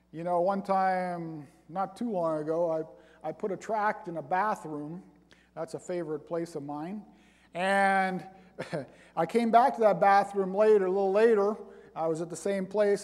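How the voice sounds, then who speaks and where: A man preaching a sermon, reading scripture aloud and building to loud, emphatic points. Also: sits high. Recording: long hall reverb.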